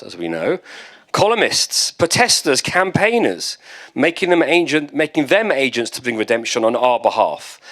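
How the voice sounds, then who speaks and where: A British man, a rabbi, teaching a text-study class in a conversational, lively way with asides and jokes. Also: medium pitch. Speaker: rabbi and lecturer.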